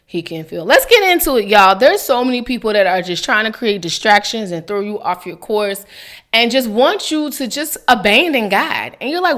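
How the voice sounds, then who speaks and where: A woman's voice: fairly high pitch, lively intonation, moderate pace, a bit bright. A woman hosting a casual faith vlog, chatty and giggly, talking straight to her viewers. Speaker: devotional vlogger.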